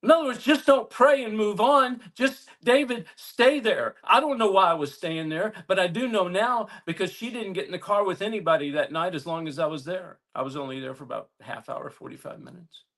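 A man preaching a sermon, telling a story earnestly with halting restarts and building to emphatic appeals. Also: high-pitched, a bit bright.

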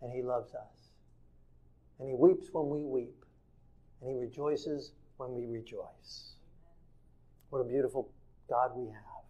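A man preaching a sermon in an earnest way, shifting from soft and tender to emphatic. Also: mid-range voice, fairly even intonation, a little slow, long pauses, lo-fi sound.

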